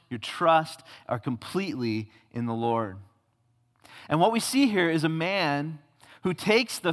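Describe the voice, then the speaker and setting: Man preaching in a church, kinda high voice, big echo tail, gets loud then goes quiet. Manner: emphatic, swings between loud and hushed. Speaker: pastor. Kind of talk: sermon. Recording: long hall reverb.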